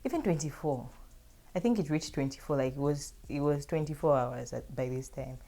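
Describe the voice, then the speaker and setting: A woman's voice: sits low, normal speed, warm tone. A young woman casually telling a personal story to her viewers in a chatty, filler-heavy way.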